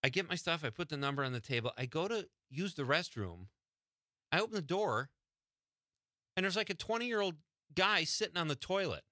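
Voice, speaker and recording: A middle-aged man hosts a talk radio show, telling stories with laughter throughout. His voice sits a little high and swings widely in pitch, with a bright, forceful tone. The sound is dry and close. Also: fairly quick, dry recording. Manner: animated, laughing anecdotes.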